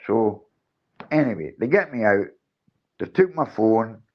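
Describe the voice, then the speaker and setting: A middle-aged man telling a story on a livestream, animated and acting out what each person said. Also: lowish voice, a little slow, highs cut off. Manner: animated, acts out his own and others' lines. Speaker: livestream host.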